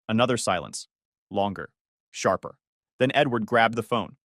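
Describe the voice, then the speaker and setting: A man's voice: on the low side, normal speed, a bit bright, dry recording. A man narrating a first-person family story with sarcastic, dry humor.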